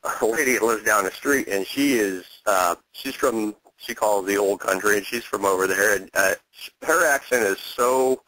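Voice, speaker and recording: A man's voice: lowish voice, moderate pace, pushed and bright, dry recording, low-quality recording. A male radio host interviewing a guest in a casual, easygoing way, laughing often.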